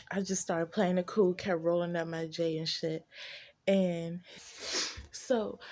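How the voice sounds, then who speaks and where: A woman telling a casual storytime vlog to her viewers, profane and animated, talking to them as y'all. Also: on the low side.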